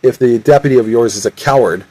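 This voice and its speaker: A man's voice: medium pitch, fast talker, a little mellow, dry recording, natural voice. A man voicing a tough, sarcastic young woman in a stilted read-aloud way.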